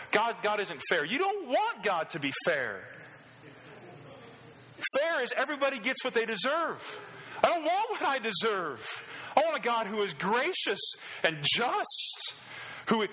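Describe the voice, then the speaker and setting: A man's voice: sits high, bright, forceful tone. A middle-aged male pastor preaching a sermon, passionate, asking the congregation rhetorical questions and pushing his voice up on key phrases. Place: church hall. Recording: echoey church hall.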